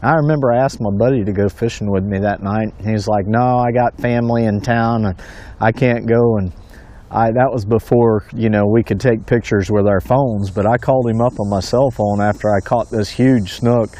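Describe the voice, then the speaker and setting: A middle-aged man filming his own fishing trip, telling folksy stories and whooping with excitement over his catch outdoors on a bridge at night. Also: fairly low pitch, normal speed. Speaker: fishing vlogger. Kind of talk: casual fishing commentary.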